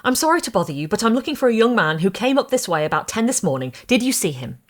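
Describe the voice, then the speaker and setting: A woman's voice: medium pitch, very animated, fast talker, pitched above the performer's own voice, natural voice. A woman voicing an anxious young woman who is searching for her missing groom, talking in a pleading, breathless and politely desperate way. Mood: urgent.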